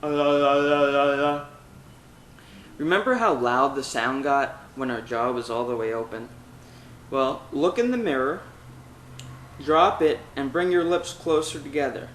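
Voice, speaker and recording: A man's voice: mid-range voice, lively intonation, normal speed, roomy sound, slight background noise, rough recording. A man teaching a vocal technique lesson, talking through exercises step by step. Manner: demonstrates exercises with loud sung vowels and meows. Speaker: singing teacher.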